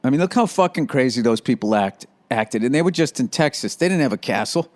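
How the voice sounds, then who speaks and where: A man's voice: mid-range voice, lively intonation, brisk. A man hosting his podcast in a loose, profane, rambling comedic monologue. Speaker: podcast host.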